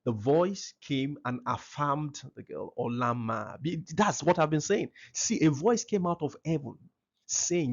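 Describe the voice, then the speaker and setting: A man's voice: fairly high pitch, expressive, unhurried, darkish tone, slightly rough, dull audio. A man giving a seminar talk to parents, emphatic and repeating his key phrases.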